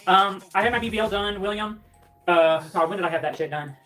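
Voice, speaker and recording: A woman's voice: mid-range voice, quick pace, fairly bright tone, soft background music. A woman on a casual livestream, out of breath, bluntly and profanely answering viewer comments.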